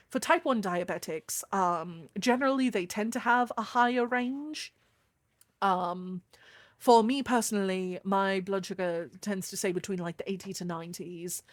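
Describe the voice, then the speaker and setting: A young adult woman streamer chatting casually with her viewers, swearing freely, with a deeper voice than most women. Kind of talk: casual live-stream chat.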